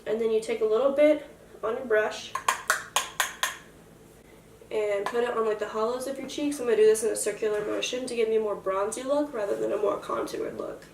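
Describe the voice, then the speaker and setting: A woman's voice: a little high, fairly even intonation, fairly quick, creaky, recorded from a distance, noisy background. A young woman in a casual makeup tutorial, chatty and self-joking as she explains each step. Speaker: makeup vlogger. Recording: roomy echo, voice from afar.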